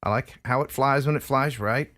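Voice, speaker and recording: A man's voice: medium pitch, moderate pace, sharp tone. A man on a live stream panel, chatting agreeably about drones with frequent fillers.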